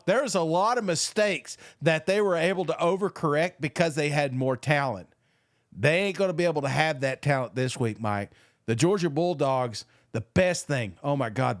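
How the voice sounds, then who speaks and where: A man co-hosting a podcast in casual sports chat, talking with animated, boastful banter and some swearing. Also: fairly high pitch, no echo, clean studio sound. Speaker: podcast co-host.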